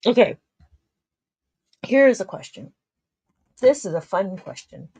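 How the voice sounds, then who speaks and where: A woman's voice: mid-range voice, sing-song, a little slow, a little mellow, breathy edge. Sleepy, chatty woman teaching abacus math. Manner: chatty, laughs often, talks to viewers by name. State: sleepy, yawning. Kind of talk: casual livestream math lesson.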